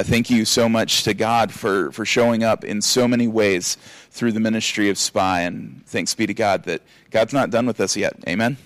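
A man preaching to a congregation, animated and acting out voices from a Bible story. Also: lowish voice, no room sound. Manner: animated, acts out scolding and encouraging voices. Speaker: pastor. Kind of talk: sermon.

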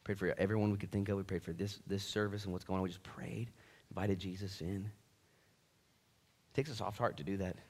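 A man preaching a sermon with casual slang, swinging between loud bursts and hushed, earnest stretches. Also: low-pitched, steady tone, a little fast, pauses often. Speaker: pastor.

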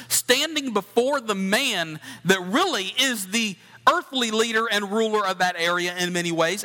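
A man preaches a sermon, earnest and conversational, turning to his listeners with direct questions. His voice sits high and bright. It rings out with the long reverb of a large hall. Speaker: pastor.

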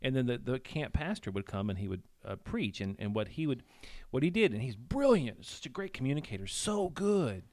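A man hosting a podcast, telling a story in casual chat with halting restarts. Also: mid-range voice, very animated, a little mellow. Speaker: podcast host.

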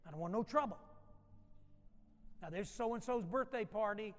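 A woman's voice: mid-range voice, moderate pace, in a large hall, natural voice. A man acting out a stern mother who firmly warns her children how to behave at a party, in a sermon. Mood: stern warning. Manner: firm, warning.

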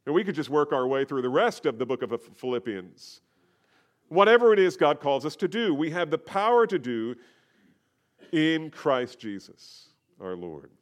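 A man's voice: on the high side, sing-song, moderate pace. Man preaching an expository sermon. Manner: expository preaching, rises in emphasis then drops quiet. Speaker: pastor.

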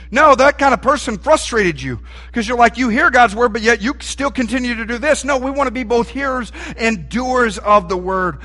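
Animated preacher man. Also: extremely high pitch. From Texas. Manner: folksy and animated, asks the room questions. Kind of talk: sermon.

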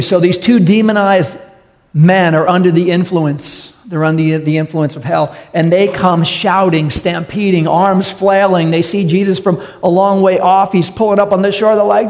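A man's voice: high-pitched, steady tone, moderate pace, big-room sound. A man preaching a sermon as pastor, direct and emphatic, often asking the congregation rhetorical questions. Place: church sanctuary.

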